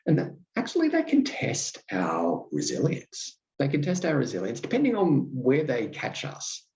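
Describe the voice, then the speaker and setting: A man hosting a podcast, telling wry, self-deprecating stories in a halting way with many ums and restarts. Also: medium pitch, huge pitch swings, gravelly, darkish tone, dull audio. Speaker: podcast host. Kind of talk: reflective podcast monologue.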